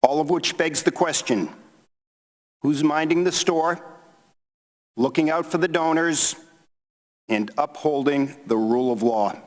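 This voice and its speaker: A man reading a prepared statement as a witness at a congressional hearing, in a measured way. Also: on the high side. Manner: measured, reads figures. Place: large hearing room. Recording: reverberant hearing room.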